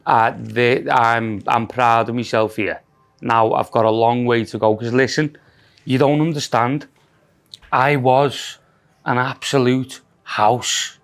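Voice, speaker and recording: A Scouse man chats loosely on a podcast, swearing freely and poking fun at himself. He restarts sentences a lot and rambles before he gets to the point. His voice sits at an ordinary middle pitch. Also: steady tone, takes it slowly, fairly bright tone. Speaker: podcast co-host. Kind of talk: casual banter.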